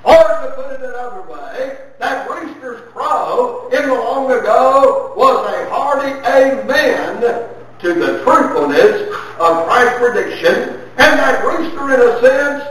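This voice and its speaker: A man from the United States preaching a sermon with slow, deliberate, emphatic phrasing. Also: very high-pitched, lively intonation, fairly bright tone, recorded from a distance. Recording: very echoey room, voice from afar.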